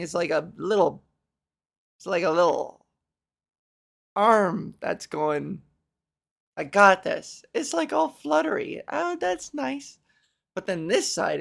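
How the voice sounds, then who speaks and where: Woman, comedian podcast host, creaky fry in her voice, rambling and sweary. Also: on the low side. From Canada. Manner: rambling, profane, self-mocking. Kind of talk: casual solo podcast chat.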